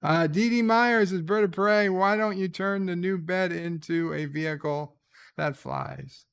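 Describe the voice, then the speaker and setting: A man hosting a live stream, chatting casually and reading out viewer comments with frequent hesitant pauses. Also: high voice, gravelly, fairly bright tone, smooth. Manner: unhurried, with frequent hesitant fillers.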